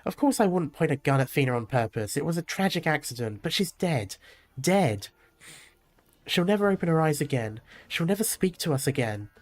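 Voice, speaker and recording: A man's voice: on the high side, expressive, normal speed, natural voice. A man reading aloud the lines of a grief-stricken young winged woman from a game, in a mostly plain, lightly acted voice. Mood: anguished.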